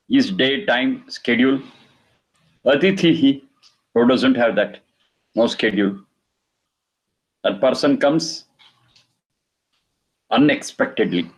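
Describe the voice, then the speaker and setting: Guy teaching vedas, goes slow, says each verse twice, middle pitch. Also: low-quality recording. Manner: slow, repeats Sanskrit phrases and explains them. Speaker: Vedic teacher. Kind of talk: religious lecture.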